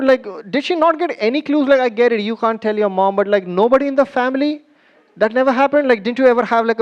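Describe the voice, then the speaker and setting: High-voiced stand-up comic teasing the crowd. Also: male voice, highs cut off. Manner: chatty, teasing the crowd, acting out quoted lines. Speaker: stand-up comedian. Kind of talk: stand-up comedy set. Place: live comedy stage with an audience.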